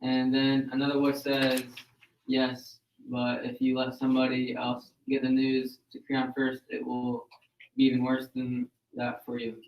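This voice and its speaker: A male student reading a play aloud in class, halting and stumbling over the words. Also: mid-range voice, monotone, darkish tone. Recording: distant echoey classroom.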